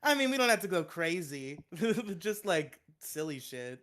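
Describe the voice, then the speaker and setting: A man's voice: fairly high pitch, sing-song, a little slow, fairly bright tone. Laughing young man chiming in on a podcast. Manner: laughs often, chimes in, jokey asides. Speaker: podcast co-host. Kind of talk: casual chat.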